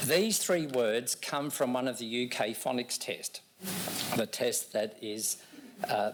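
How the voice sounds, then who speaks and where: A man's voice: medium pitch, slight background noise. Man lecturing a live room. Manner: teasing, animated presenter. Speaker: education speaker.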